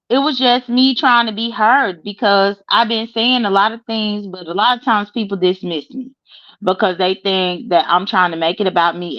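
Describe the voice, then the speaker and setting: A woman's voice: medium pitch, no echo, lo-fi sound. A woman co-hosting a casual online chat, talking emphatically and swearing freely. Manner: emphatic and profane.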